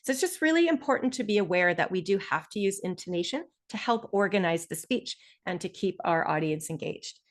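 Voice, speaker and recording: A woman's voice: mid-range voice, animated, a little fast, hardly any pauses. A woman teaching a live online speaking lesson over a video call, explaining step by step and encouraging her students. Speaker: test prep instructor.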